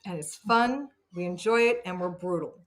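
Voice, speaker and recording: A woman's voice: on the low side, normal speed. A woman, the host's sister, chatting casually as a guest and joking. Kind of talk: casual chat.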